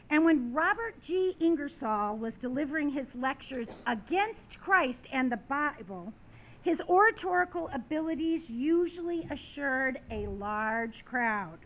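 A woman delivers a sermon in a high voice. She speaks slowly and deliberately, with dramatic swells of emphasis as she retells scripture and stories. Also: fairly bright tone. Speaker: preacher.

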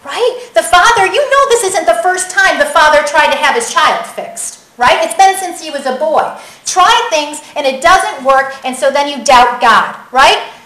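A high-voiced woman delivers a sermon in a chatty, animated way, often checking in with the listeners with a quick question. Her voice rings out in an echoey room. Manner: animated, conversational, keeps asking the audience "right?". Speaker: preacher.

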